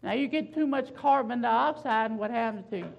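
A woman preaching a sermon, building emphasis with loud swells and slow, drawn-out phrases. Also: fairly high pitch, gravelly, muffled recording.

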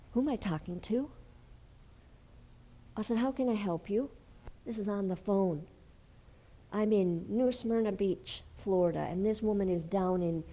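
A woman preaching a sermon and telling a healing story, dropping to hushed whispers and then rising to loud, fervent exclamations. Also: on the low side, low-quality recording. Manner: storytelling with acted quotes.

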